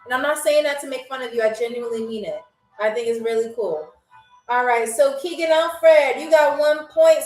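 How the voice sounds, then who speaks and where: A woman's voice: high-pitched, distant mic. A woman hosting a live-stream trivia game show. She talks in a playful, teasing, chatty way to her viewers. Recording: roomy sound from away from the mic.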